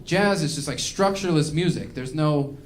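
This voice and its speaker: Male stand-up comic, slightly high voice, mock-angry ranting on stage. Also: moderate pace, background noise. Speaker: stand-up comedian. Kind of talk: stand-up comedy set.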